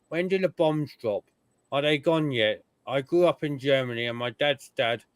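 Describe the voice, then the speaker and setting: A man's voice: mid-range voice, clean tone, dry recording. A man hosting a casual podcast chat, telling stories and mimicking the people he describes. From United Kingdom. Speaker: podcast host.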